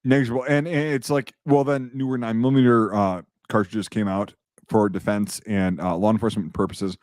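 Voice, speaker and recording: A man's voice: fairly low pitch, steady tone, brisk, a little mellow, no echo, studio quality. A man in casual chat as a podcast host, rambling and profane, with many restarts and fillers.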